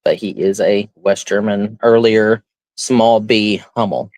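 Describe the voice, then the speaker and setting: A man's voice: lowish voice, takes it slowly, a little mellow, no echo. Chatty man hosting a live auction stream. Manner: chatty, rambling, explains items as he shows them. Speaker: auction host.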